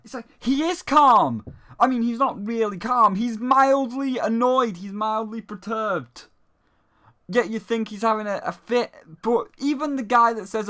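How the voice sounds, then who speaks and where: A man's voice: very high voice, moderate pace, pushed and bright. A man ranting sarcastically and profanely in a game review.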